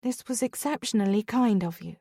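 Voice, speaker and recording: A woman reading a romance audiobook, voicing a strong-willed young lady with a wry, warm, gently playful manner. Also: medium pitch, fairly quick, dry recording, studio quality, natural voice.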